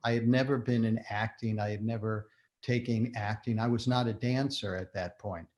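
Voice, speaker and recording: An older man, a guest in a casual interview, telling stories in an animated way with frequent laughter. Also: lowish voice, moderate pace. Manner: animated storyteller, laughs often. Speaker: guest, shoemaker and former performer.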